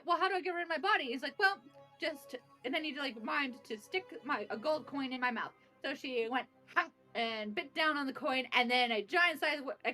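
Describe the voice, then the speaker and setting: Young woman, high bright voice, bubbly recap of a tabletop session, faint music underneath. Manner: bubbly, laughing, acting out bits of dialogue. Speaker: player recapping a tabletop campaign. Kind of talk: casual recap chat.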